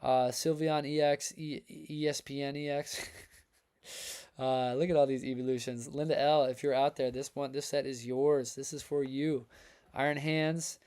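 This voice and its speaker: A man's voice: medium pitch, moderate pace, smooth. A man hosting a trading card livestream, chatting casually with viewers in a hyped, upbeat way, his voice worn from reading. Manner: energetic, hype-filled, talks to chat as folks and man. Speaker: livestream host reviewing trading cards.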